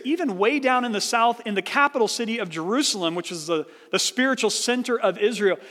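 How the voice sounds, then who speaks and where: A man's voice: sits high, a bit bright. A man preaching a sermon as pastor, earnest, building his points with rhetorical questions. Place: church sanctuary. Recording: reverberant church hall.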